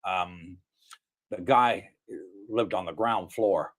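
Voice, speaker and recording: A man's voice: sits low, takes it slowly. A man hosting a casual livestream from his home, greeting viewers by name and chatting about news. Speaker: livestream host. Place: home in Thailand.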